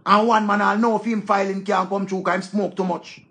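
This man's voice sits high and sounds pushed and bright, with a level tone and a brisk pace. He's an online commentator with a Jamaican accent, casually ranting at viewers in a heated, scolding way and swearing without restraint.

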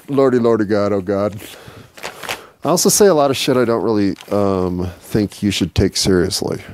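A man's voice: lowish voice, warm tone, no echo. A man hosting a solo podcast, rambling, swearing freely and joking at his own expense. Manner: rambling, profane and self-mocking. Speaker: podcast host.

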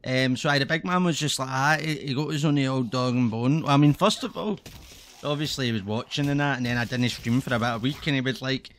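Streamer, sweary, loose and rambling, average pitch. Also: male voice, brisk, a bit bright. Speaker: game streamer. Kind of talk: casual gaming commentary.

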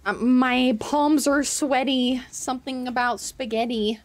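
A woman's voice: high-pitched, fairly even intonation, unhurried. A young woman streaming a game, reacting with emotion and rambling with many fillers. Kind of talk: live game commentary.

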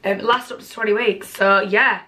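Bright-voiced excitable young woman. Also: mid-range voice, a little fast. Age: 20s. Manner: excitable, gushing, casual swearing. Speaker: vlogger. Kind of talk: casual gift haul chat.

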